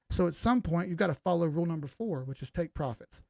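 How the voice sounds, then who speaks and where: Blunt, gravelly-voiced man on a live stream. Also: fairly high pitch, lively intonation, fast talker, few pauses, a little mellow, no room sound, clean studio sound. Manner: blunt, combative, talks to chat directly. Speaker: crypto live-stream host. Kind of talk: casual chart analysis on a live stream.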